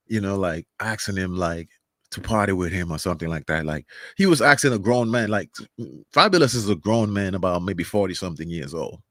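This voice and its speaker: Low-voiced man rambling through commentary. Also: dry recording, clean studio sound. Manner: rambling, repeats words and restarts, many fillers. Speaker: commentary channel host. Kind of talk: casual commentary monologue.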